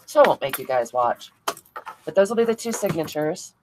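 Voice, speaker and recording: A woman's voice: low-pitched, sing-song, a little fast, background noise. A woman hosting a casual crafting livestream, chatting and laughing as she answers viewers by name. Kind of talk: casual livestream chat reading viewer comments.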